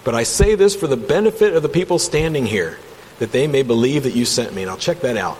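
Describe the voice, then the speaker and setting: A man's voice: medium pitch, expressive, a little fast, darkish tone. A man leading a casual Bible study from home, reading passages and commenting with enthusiasm in a conversational way. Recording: long reverb, faint background hum.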